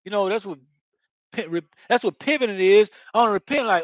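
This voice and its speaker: A high-voiced man rambles through a casual spiritual talk, heavy on profanity and street slang. He keeps checking in with "you know what I mean" as he goes. The recording is dry and close, with no room sound. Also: a little fast, dry recording, low-quality recording. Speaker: channel host.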